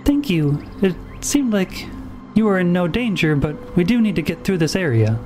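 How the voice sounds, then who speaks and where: A man's voice: high-pitched, big pitch swings, normal speed, a little mellow, faint music behind. A man speaking in character in a tabletop game, polite and dry, sometimes correcting his own words. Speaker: player. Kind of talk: casual in-character play.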